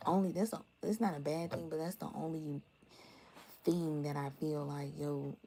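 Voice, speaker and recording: A young adult woman doing a casual tarot reading for her viewers, blunt, animated and full of swearing. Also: low-pitched, moderate pace, slight background noise, rough recording. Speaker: tarot reader.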